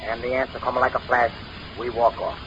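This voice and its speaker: A man's voice: a little high, fairly quick, pushed and bright, a little hiss or hum. A man doing a simple-minded Italian-accented sidekick. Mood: comic. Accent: put-on Italian. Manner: broken English, simple comic logic. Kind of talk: 1930s radio comedy acting. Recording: dull lo-fi old radio recording.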